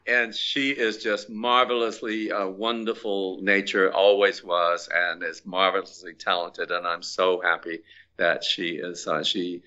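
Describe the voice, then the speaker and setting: A man's voice: sits low, little pitch movement, a little slow, pushed and bright. An older man reminiscing casually about his former restaurant staff, chatty and laughing often, with French words dropped in. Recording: dull lo-fi recording.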